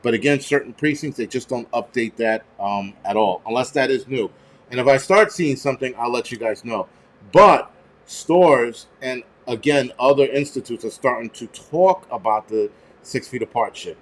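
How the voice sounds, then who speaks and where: This prepper-channel host has a medium-pitched voice and speaks at a normal speed. He rambles through his stories in a heated, foul-mouthed, casual rant.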